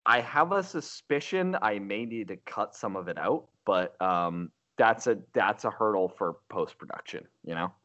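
A man's voice: lowish voice, expressive, moderate pace, few pauses, bright, forceful tone, muffled recording. A man co-hosting a podcast, joking dryly in casual chat. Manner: dry joking. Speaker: podcast co-host.

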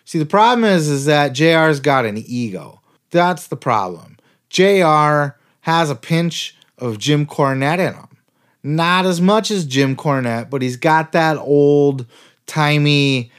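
A man's voice: fairly high pitch, animated, slow. Fired-up man ranting on a podcast. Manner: heated, sarcastic, swears constantly. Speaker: podcast host. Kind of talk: profane ranting podcast commentary.

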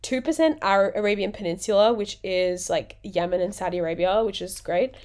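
A woman's voice: medium pitch, fairly quick, darkish tone. A woman, hosting a casual solo podcast in a rambling, jokey, self-mocking way, sounding sick and tired. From Australia. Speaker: podcast host.

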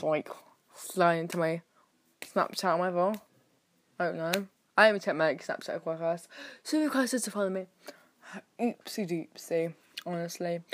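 A British teenage girl hosting her own podcast, rambling and sarcastic, with sudden jumps in loudness. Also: fairly low pitch. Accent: British English. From Britain. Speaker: podcast host. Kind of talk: casual solo podcast chat.

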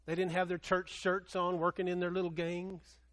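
A man preaching a sermon, telling a story with animation, swinging from loud excitement to hushed earnestness. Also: high-pitched, normal speed. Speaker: pastor.

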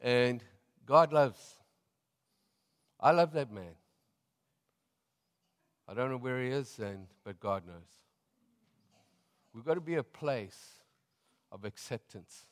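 A middle-aged man with a South African accent, a pastor preaching a sermon and telling stories in a relaxed, chatty way, laughing often. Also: medium pitch, takes it slowly, pauses often, in a large hall. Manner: conversational storytelling, laughing often.

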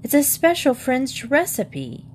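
A woman's voice: medium pitch, lively intonation, unhurried, a little mellow, a little hiss or hum. A woman reading aloud and voicing a small, polite young male bear who talks earnestly and eagerly.

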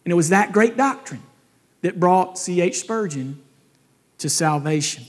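High-voiced man preaching in an echoing church. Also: very animated, moderate pace, fairly bright tone. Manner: emphatic, rising to fervent reading of scripture and quotes. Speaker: pastor. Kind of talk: sermon. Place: church sanctuary. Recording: long hall reverb.

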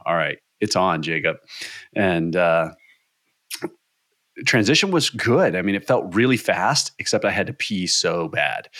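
A man, a podcast guest, telling a race story in casual chat with excited energy and free swearing. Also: low-pitched, no room sound, studio quality.

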